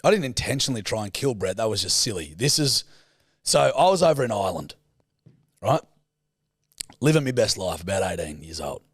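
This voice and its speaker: Husky man telling a yarn. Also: on the low side, very animated, brisk, long pauses, no room sound, clean studio sound. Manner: loose, sweary, laughs often. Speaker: podcast co-host. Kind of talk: casual chat and storytelling.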